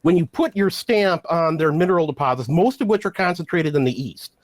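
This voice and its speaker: A man's voice: fairly high pitch, brisk, dry recording. Sardonic man pressing a debate point. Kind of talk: political debate.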